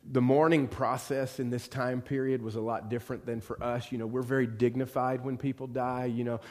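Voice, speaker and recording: A man giving a sermon as pastor, telling a story and swinging from hushed, quiet moments to loud, fervent passages. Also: mid-range voice, little pitch movement, brisk.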